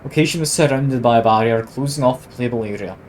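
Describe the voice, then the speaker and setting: A man at his streaming setup narrates a detective game, reading the text and slipping in wry jokes at his own expense. His voice sits at an ordinary middle pitch, with a faint background hiss on the recording. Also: fast talker, darkish tone, rough recording. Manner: wry, self-mocking asides. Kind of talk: casual let's-play narration, reading game text aloud.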